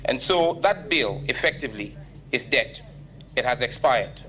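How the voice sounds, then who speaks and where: A man's voice: medium pitch, expressive, measured pace, bright, forceful tone. A man with a Ghanaian accent answering as a nominee at a parliamentary vetting, firm and emphatic. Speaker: ministerial nominee.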